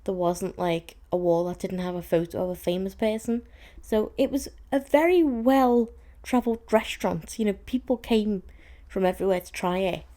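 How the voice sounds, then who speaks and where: A young woman hosts a casual podcast and tells a story in a mellow, warm voice. She talks in loose, chatty sentences full of "like" and sounds a little exasperated. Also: mid-range voice, moderate pace. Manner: chatty and exasperated, with frequent "like" fillers. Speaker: podcast host.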